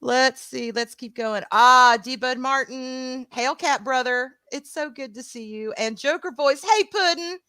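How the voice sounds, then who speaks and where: A woman with a Southern drawl chats through a casual livestream, greeting viewers by name with "sweetheart" and "honey". Her voice is bright and a touch high, and it sits close and dry on the mic. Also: unhurried, hardly any pauses, clean tone, no echo. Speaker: co-host of a stream.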